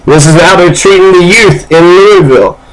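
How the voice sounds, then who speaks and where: A man's voice: high-pitched, normal speed, low-quality recording. Rambling man reading and reacting to news. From Kentucky. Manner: reads news passages aloud, then rambles through his reactions; hesitant, with frequent ums and uhs. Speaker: news commentator. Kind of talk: casual news commentary.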